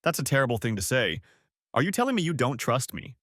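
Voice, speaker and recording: A man's voice: mid-range voice, very animated, quick pace, fairly bright tone, dry recording. A man voicing a defensive married woman who stammers when nervous and snaps when angry, in a dry storybook reading. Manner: stammering, then snapping.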